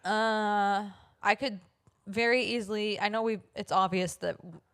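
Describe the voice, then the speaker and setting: A woman's voice: medium pitch, fairly even intonation, measured pace, a bit bright. A woman co-hosting a podcast in casual chat, hesitant and chatty, with many fillers and self-corrections. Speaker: podcast co-host.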